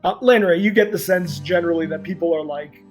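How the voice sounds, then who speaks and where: A man's voice: high voice, a little fast, soft background music. A man running a tabletop game as game master, narrating in a loose style full of fillers.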